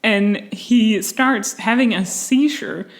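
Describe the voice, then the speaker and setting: A woman hosting a casual commentary video, animated and sarcastic, often breaking into laughter. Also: fairly high pitch, slow. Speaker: video essay host.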